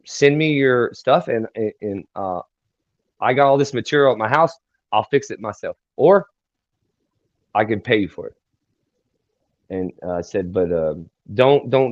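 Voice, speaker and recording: Man, interview guest, rambling halting delivery, flat dead-dry lo-fi audio. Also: mid-range voice, no echo. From Texas. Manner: rambling, halting, many fillers and restarts. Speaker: guest singer-songwriter. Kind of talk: casual storytelling interview. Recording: dry, dull lo-fi sound.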